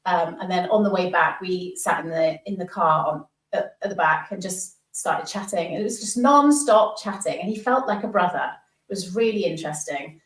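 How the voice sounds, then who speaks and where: Woman rambling through a story, lively, echoey room, sits back from the mic. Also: mid-range voice, distant mic. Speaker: podcast guest. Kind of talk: storytelling in casual chat. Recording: roomy, from off the mic.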